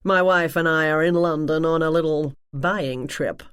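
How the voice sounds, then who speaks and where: Confident male buyer, smooth and cagey, read by a woman narrator, dry close recording. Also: low-pitched, fairly even intonation, moderate pace, fairly bright tone, dry recording. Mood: breezy. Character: man playing a rich art buyer.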